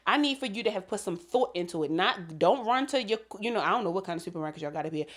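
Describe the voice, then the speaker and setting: A woman's voice: mid-range voice, animated, quick pace, a bit bright. A woman guest on a podcast, chatting casually and emphatically, repeating her punchlines. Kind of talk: casual chat.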